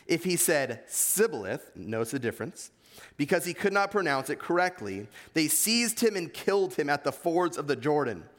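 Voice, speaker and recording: A man with an East Coast American accent preaches a sermon as a pastor, reading scripture and earnestly pressing his points. His voice sits a little high with big pitch swings, at a normal speed. A long hall reverb colors the recording.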